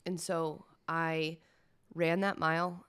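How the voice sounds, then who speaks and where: Female podcast host, lowish voice, candid and chatty, close dry sound. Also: level tone, slow pace, fairly bright tone, clear, resonant tone, no echo. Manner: candid, emotional, chatty with fillers. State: teary-eyed. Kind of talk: personal solo podcast talk.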